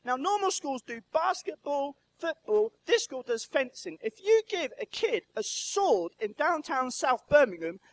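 High-voiced, lively man. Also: a little slow, few pauses, low-quality recording. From Brighton, England. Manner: storytelling, asks the audience questions. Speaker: church speaker. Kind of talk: lively children's talk in church. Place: church.

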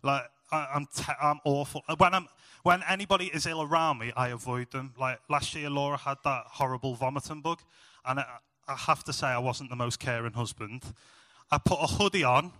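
Bright chatty male preacher. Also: mid-range voice, brisk, dry recording, in a large hall. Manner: chatty, self-mocking storytelling with animated asides. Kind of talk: sermon.

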